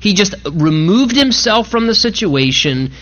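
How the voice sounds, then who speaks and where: Bright-voiced man preaching a sermon. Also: sits high, big pitch swings, a little slow, muffled recording. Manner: conversational, emphatic, acts out quotes. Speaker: pastor. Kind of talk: expository sermon.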